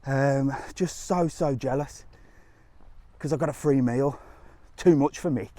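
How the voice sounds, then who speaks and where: A man's voice: mid-range voice, measured pace, mellow, no room sound. Man, live-streaming vlogger, chatty ranting manner with mild swearing, outdoors on a phone, dry sound. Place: outdoors on a resort street in light rain.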